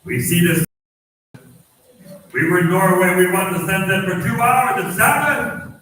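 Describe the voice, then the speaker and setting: A man preaches from the pulpit in a strong, clear, fairly high voice. He tells stories and hammers phrases through repetition. The sound is very roomy and comes from a little way off the mic, with faint hall noise behind it. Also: a little slow, recorded from a distance. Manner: animated storytelling, repeating phrases for emphasis. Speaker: pastor. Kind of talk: sermon. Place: church sanctuary.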